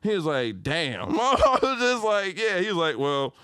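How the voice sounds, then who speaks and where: Telling a story on a podcast, this young guy from Detroit talks in relaxed slang and bursts into loud, high-pitched reenactments. He's very animated yet unhurried, with a clear, resonant tone and no room sound.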